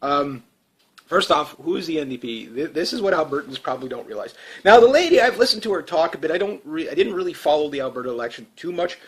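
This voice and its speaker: A man's voice: a little high, lively intonation, quick pace, fairly bright tone. Chuckling, rambling man ranting about politics. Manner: rambling, sarcastic, chuckling asides. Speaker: political commentary vlogger. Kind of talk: casual political rant.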